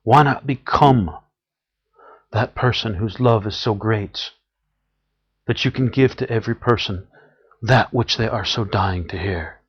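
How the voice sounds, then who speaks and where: Husky, gravelly man giving an earnest spiritual talk. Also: fairly low pitch, measured pace, pauses often. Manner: earnest, emphatic, repeats phrases for emphasis. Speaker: spiritual teacher. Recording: dull lo-fi recording.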